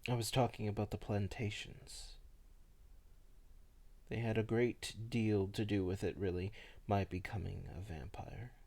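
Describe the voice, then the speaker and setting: A man voicing a melancholy old vampire who recalls his past slowly and softly. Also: lowish voice, fairly even intonation. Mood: wistful. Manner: slow, soft, hushed storytelling.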